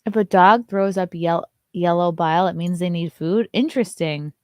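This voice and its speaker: A woman's voice: normal speed, no echo. Woman comic, host of a morning show, casual and chatty, dry close sound. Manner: chatty, turns to high sing-song baby talk with her dog. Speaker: comedian hosting a morning show. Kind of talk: casual chat, reading viewer comments.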